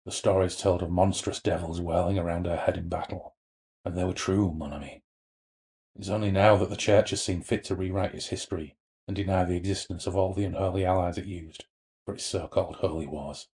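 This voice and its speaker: A man reading as a quiet, mocking ancient demon. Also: fairly even intonation, a little fast. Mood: menacing. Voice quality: throaty and low. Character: sinister ancient male demon, mocking and boastful. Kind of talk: reading a horror novel aloud.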